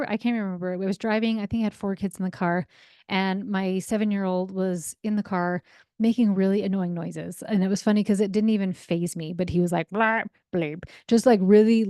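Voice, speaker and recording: A woman in her forties talks as a parenting coach on her podcast, with a mid-pitched voice recorded close and dry. She is chatty and upbeat and checks in with "right?" as she goes. She slips into acted voices when telling stories about home life. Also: fairly even intonation, a little fast, mellow, dry recording. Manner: acts out quoted voices in anecdotes. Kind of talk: solo podcast talk.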